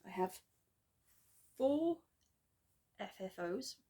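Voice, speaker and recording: A woman chatting casually in a craft vlog, rambling and self-deprecating with quick asides. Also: medium pitch, big pitch swings, mellow. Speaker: flosstube vlogger. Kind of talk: casual chat.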